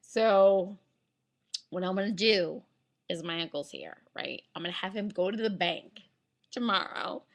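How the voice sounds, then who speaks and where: A woman vlogger telling a story to her camera in a casual, animated way, laughing through it. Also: medium pitch, measured pace.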